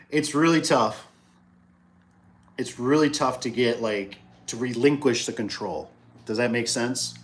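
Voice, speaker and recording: A middle-aged man in an easygoing livestream chat, his pitch sitting squarely in the ordinary range for a man. He rambles from one work story to the next, loops back on the same phrases and slips into quick impressions of the people he is quoting. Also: a little hiss or hum. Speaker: business owner hosting a livestream.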